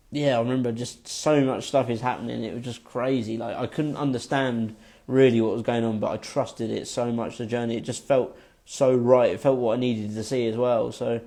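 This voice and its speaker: Young guy, warm relaxed tone, casual rambling storyteller with lots of fillers. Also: medium pitch. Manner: rambling, full of fillers and swearing. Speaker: vlogger.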